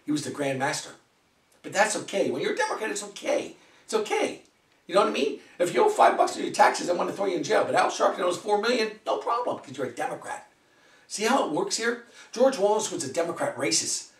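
A man's voice: sits high, animated, a little fast, recorded from a distance. A man ranting heatedly in a political vlog, firing off rhetorical questions and swearing. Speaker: vlogger. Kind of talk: political rant. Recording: echoey room, away from mic.

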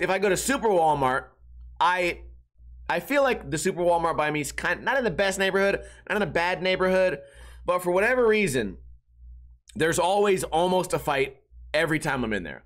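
A man's voice: fairly high pitch, fairly bright tone. Profane, rambling male podcast host. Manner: rambling, profane, acts out people he quotes. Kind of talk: casual solo storytelling monologue.

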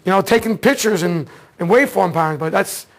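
A man teaching an automotive diagnostics seminar, telling a case story in a casual, excitable way and acting out the dialogue. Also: sits high, fairly quick. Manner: casual slangy talk, repeats words. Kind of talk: seminar lecture.

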